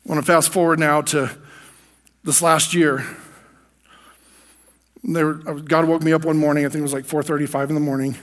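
A man's voice: fairly high pitch, level tone, normal speed, long pauses, fairly bright tone. An American man preaching from the pulpit, telling a personal testimony in an earnest, emotional way.

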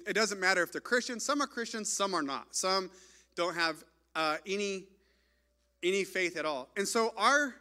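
A man's voice: high voice, bright, forceful tone. A man on a stage, telling a mission trip story in a chatty way, full of "like" and restarts. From United States. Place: stage in front of an audience.

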